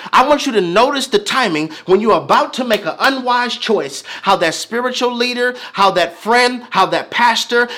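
Animated, bright-voiced male preacher. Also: high-pitched. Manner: emphatic, repeating phrases, building in intensity. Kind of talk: sermon.

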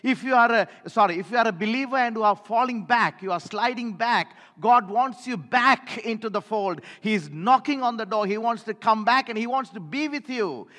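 A man's voice: high-pitched, normal speed, hardly any pauses, bright, forceful tone, big-room sound. A male preacher delivering an emphatic sermon, repeating key phrases and calling on the congregation to respond.

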